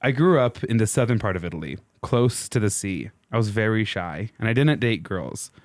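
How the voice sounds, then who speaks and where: A shy, romantic young Italian man recalls falling in love, read aloud by a man in his own voice. The voice sits fairly low. It is dry and close, with no room sound. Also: expressive, moderate pace, no echo, lightly acted. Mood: wistful.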